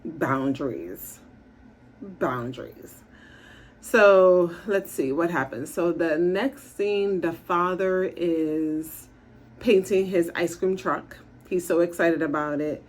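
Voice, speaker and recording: Chatty woman recapping a show. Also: fairly low pitch. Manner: chatty, acts out characters' lines in quick voices. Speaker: TV show reviewer and therapist. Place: her office. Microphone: makeshift setup without her usual gear.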